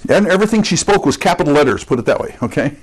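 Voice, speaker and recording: A man teaching a sermon verse by verse, explaining word meanings and pausing to repeat key points. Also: on the high side, big pitch swings, rough recording. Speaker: pastor.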